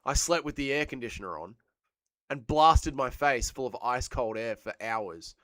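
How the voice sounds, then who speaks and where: An Australian livestream host who has a cold chats casually with viewers as he reads their messages, swearing constantly and wandering off on tangents in crude banter. He speaks at a moderate pace in a medium-pitched, slightly bright voice, with no echo.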